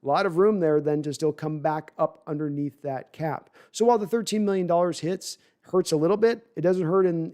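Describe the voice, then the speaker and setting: A man's voice: a little high, warm tone. A man hosting a live sports podcast, talking at length and reading chat comments, often repeating words as he restarts sentences.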